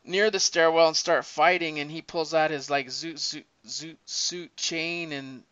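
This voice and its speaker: A man in casual chat, retelling a comic story in a rambling, animated way, with many restarts. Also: fairly high pitch, unhurried, clean tone, no room sound. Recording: dull lo-fi recording.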